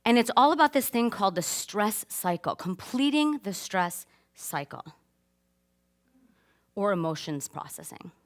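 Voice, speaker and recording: A woman, probably in her thirties, telling a personal story to an audience, animated and acting out the moments she describes. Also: medium pitch, a little slow. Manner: animated, acts out voices and screams in her story. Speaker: speaker giving a stage talk.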